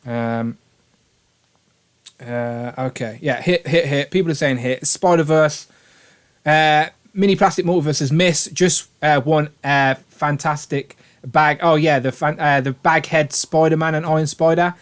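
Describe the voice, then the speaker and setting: A British man hosts a casual live stream, his voice sitting a little high. He rambles along with eager enthusiasm and reads out viewers' names as he goes. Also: fairly even intonation, measured pace, smooth. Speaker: livestream host.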